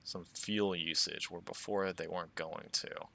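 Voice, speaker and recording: Deep gravelly American man. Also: measured pace. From United States. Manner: thinking aloud, relaxed and chatty. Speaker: strategy game let's player. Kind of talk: casual gameplay commentary.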